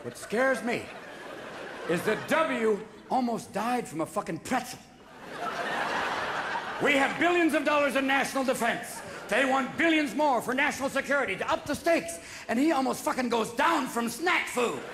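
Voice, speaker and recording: A man doing stand-up comedy on a theater stage, talking rapid-fire and breaking into voices and shouted bursts. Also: very high-pitched, animated. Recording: live theater recording with audience noise. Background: audience laughter and applause.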